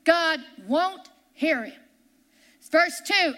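A woman pastor preaching a sermon in a church, repeating her lines and slowing down to cry out the verses she reads. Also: extremely high pitch, expressive. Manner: impassioned preaching, repeats lines, slows and shouts on scripture.

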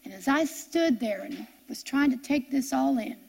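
A woman preacher with a high, bright-sitting voice delivers a sermon woven with her own testimony. She is middle-aged and fervent, climbing to impassioned peaks and then sinking into slow, hushed emphasis. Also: expressive, creaky, breathy edge. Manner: fervent, builds to impassioned peaks, then slows and drops soft.

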